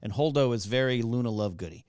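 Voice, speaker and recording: A man as guest on a casual movie commentary, eagerly sharing behind-the-scenes facts with quick asides. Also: medium pitch, lively intonation, a little mellow, clean tone, dry recording, studio quality. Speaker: guest Star Wars expert.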